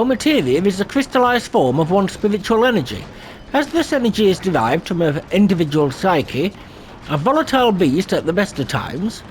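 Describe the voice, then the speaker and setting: A man's voice: sits high, slight background noise. A man voicing a learned, formal teacher of crystal lore, reading in a shaky put-on accent with small stumbles. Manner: stilted put-on accent, read aloud with stumbles.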